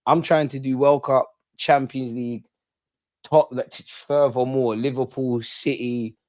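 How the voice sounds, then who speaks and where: A young man talks in loose, slang-heavy banter with friends, joking and laid-back. His voice sits at an ordinary mid pitch. The sound is dry and close, with no room echo. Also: steady tone, unhurried, a little mellow. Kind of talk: casual banter among friends.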